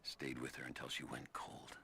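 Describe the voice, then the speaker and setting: Murderous cult soldier, extremely deep gravelly voice with a sharp edge; soft, menacing delivery. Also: male voice, flat delivery, slight background noise, heavily acted. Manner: slow, quiet, menacing. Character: calm male cult soldier who enjoys killing.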